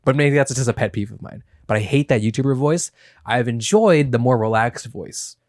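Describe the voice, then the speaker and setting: Young man, podcast co-host, animated, swears a lot, dry close mic. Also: medium pitch, moderate pace, no echo. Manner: animated, swears freely, does mock YouTuber voices. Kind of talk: casual podcast chat. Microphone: studio microphone with headphones.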